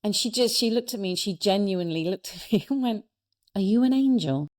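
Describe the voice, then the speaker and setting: A middle-aged woman guest on a podcast, telling a personal story with earnest warmth and frequent restarts. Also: mid-range voice, fast talker. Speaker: guest, speaker and coach. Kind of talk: reflective storytelling in a podcast interview.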